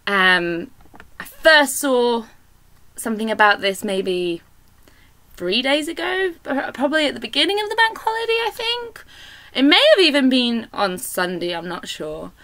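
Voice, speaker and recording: A woman's voice: on the high side, a little slow. Bubbly, giggly British woman. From Britain. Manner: giggly, animated and sweary. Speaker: indie author vlogger. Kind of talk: casual chatty vlog.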